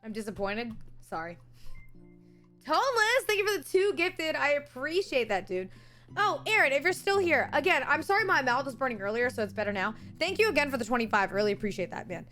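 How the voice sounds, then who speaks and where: A young woman streaming, chatting casually with viewers and telling stories in an animated, incredulous way. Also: high-pitched, brisk, soft background music. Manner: animated storytelling, incredulous rants.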